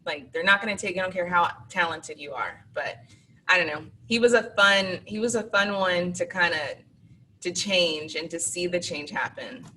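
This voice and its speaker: A woman's voice: lowish voice, normal speed, bright, forceful tone. A woman teacher, a guest on an interview show, telling classroom stories in a chatty way and acting out her students. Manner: chatty anecdotal, acts out students. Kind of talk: interview storytelling. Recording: distant mic with faint background noise.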